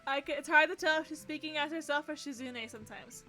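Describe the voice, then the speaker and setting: A woman streaming a game, reading its narration aloud and breaking off into gushing, excitable reactions. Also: high voice, quick pace. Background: faint game music.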